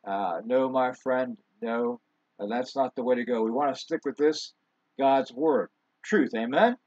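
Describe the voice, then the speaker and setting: A man's voice: medium pitch, measured pace, darkish tone, dry recording. A man preaching a sermon as pastor in a loose, conversational way, with fillers and asides. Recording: dull, lo-fi sound.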